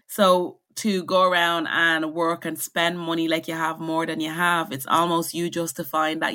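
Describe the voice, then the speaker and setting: A woman's voice: sits low, little pitch movement, moderate pace, few pauses, bright, forceful tone. A young woman, raised in the Caribbean, speaking candidly and reflectively as an interview guest. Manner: candid and reflective, many restarts. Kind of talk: conversational interview.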